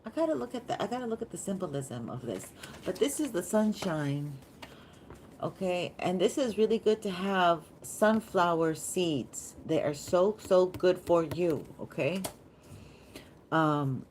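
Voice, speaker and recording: A woman's voice: lowish voice, a little mellow, a little hiss or hum. A woman giving a chatty, meandering live tarot reading, easily delighted and talking straight to her viewers. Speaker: tarot reader.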